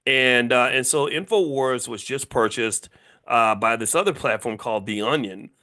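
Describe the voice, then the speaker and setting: A man's voice: mid-range voice, moderate pace, sharp tone. A man in his fifties giving a casual, emphatic lecture as a finance educator, repeating key points and firing off rhetorical questions at his audience.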